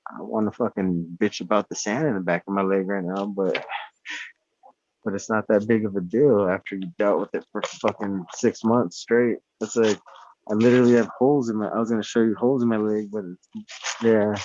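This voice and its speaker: Man, casual chat, rambling, profane, lowish voice, slightly dull lo-fi sound. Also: fairly even intonation, moderate pace, a little mellow, slight background noise. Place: indoors at home.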